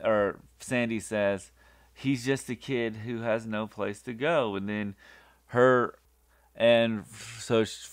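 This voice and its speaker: Slow, gravelly man recapping a show. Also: fairly low pitch, dry recording. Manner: halting, many fillers and restarts. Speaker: podcast host. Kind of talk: casual episode recap.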